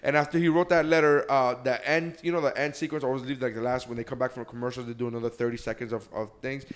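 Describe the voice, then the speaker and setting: A young man chatting casually with friends, swearing often and getting excited as he retells cartoon scenes. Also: mid-range voice, quick pace. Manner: excitable, swearing, laughing storyteller. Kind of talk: casual podcast chat.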